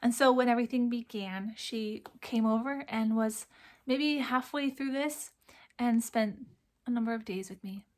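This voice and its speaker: A woman hosting her cross stitch channel, talking softly and from the heart, close to tears and often dropping to a near whisper. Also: fairly high pitch, measured pace. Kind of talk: casual chat to camera.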